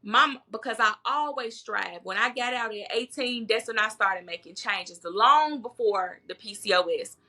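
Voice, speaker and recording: A woman with a fairly high, vivid and forceful voice talks candidly as a guest. She is bold and vocal, doubling back on words for emphasis in a relaxed podcast conversation. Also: moderate pace, few pauses. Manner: bold, emphatic, repeats words when stressing a point. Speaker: herbalist guest.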